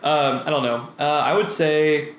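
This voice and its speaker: A man's voice: on the high side, steady tone, a little slow. A man co-hosting a casual podcast chat, stoned, giggling and swearing as he talks. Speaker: podcast co-host. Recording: echoey room with faint noise.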